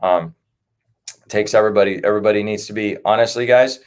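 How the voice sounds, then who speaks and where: A somewhat low-voiced man talking as a livestream guest. He speaks in an earnest, rallying way and keeps calling his listeners "man" and "dude". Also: fairly even intonation, quick pace. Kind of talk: casual livestream chat.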